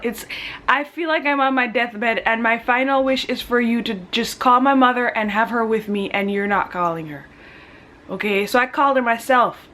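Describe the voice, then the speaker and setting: A young woman vlogging, telling a personal story in a casual, animated way and acting out her own quotes. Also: medium pitch, a little hiss or hum. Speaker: family vlogger.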